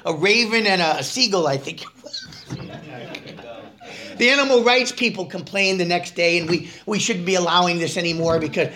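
A high-voiced man preaches at a moderate pace, pausing often, in a casual conversational style. He asks the congregation questions, his delivery ranging from loud emphasis to quiet asides.

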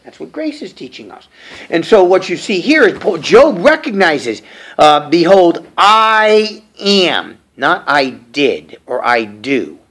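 A middle-aged male preacher teaching a verse-by-verse Bible sermon, reading scripture aloud and then explaining it in plain, halting talk. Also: husky. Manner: repeats and restarts phrases with fillers; lively, swooping pitch.

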